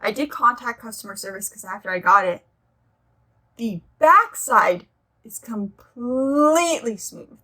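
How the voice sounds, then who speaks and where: A woman's voice: fairly high pitch, lively intonation, measured pace, bright, forceful tone. A young woman chatting casually as she reviews her nail polish collection, gushing and rambling into side stories.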